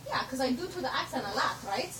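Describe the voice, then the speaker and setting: Crowd noise fills this noisy, distant home video of a young roommate doing a giggly, playful foreign-accented character in a room at home. She uses broken grammar with stray "to the" phrases, and her high voice is lively and quick.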